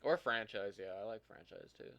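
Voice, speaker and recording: A man's voice: on the low side, lively intonation, brisk, gravelly, fairly bright tone. A young man chatting casually with a friend, reading game reviews aloud and laughing through them. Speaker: YouTuber co-host.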